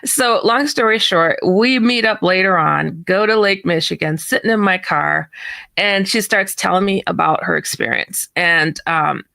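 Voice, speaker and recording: A woman who is a guest in an interview, telling a story and acting out its dialogue in a lively way. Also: fairly low pitch, unhurried, vocal fry, no echo. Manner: animated, acts out the dialogue in her story.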